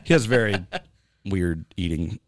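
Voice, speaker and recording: A man's voice: deep voice, measured pace, no echo, clean studio sound. A man hosting a podcast, chatting casually and rambling with lots of fillers and jokes. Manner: rambling, joking, many fillers. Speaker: podcast host. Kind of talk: casual chat.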